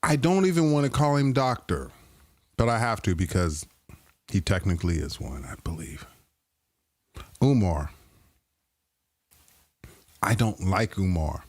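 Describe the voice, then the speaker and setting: A man hosts a live stream and riffs on video clips with crude, playful banter, often laughing at his own jokes. His pitch swings widely as he talks. He speaks slowly, and the sound is dry and close. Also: lively intonation, darkish tone, no room sound. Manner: playful, keeps breaking into laughter. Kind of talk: casual reaction commentary.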